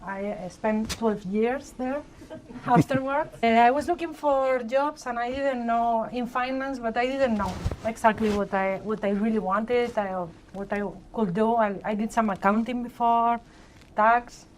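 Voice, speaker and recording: A woman's voice: fairly high pitch, fairly even intonation, measured pace, a little hiss or hum. A woman with a Spanish accent, a panel guest telling her career story in a chatty way that often ends with "right?". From born in Argentina, grew up in Spain. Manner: chatty, tags sentences with "right?". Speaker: panel guest, treasury leader. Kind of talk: personal story on a live panel.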